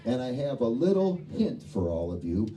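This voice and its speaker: A man's voice: medium pitch, very animated, normal speed, crowd noise. A man in his fifties doing a crude, profane stand-up routine on a club stage. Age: 50s. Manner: profane, rowdy storytelling. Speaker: stand-up comedian. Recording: distant mic, noisy club. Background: audience laughter.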